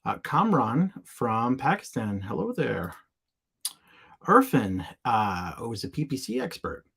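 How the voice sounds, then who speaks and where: A man's voice: medium pitch, big pitch swings, measured pace, gravelly, a bit bright, slightly rough. A man from the United States hosting a casual live Q&A, chatty and playful, tossing in made-up words while sharing his screen. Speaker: livestream host answering seller questions. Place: home or office in Florida.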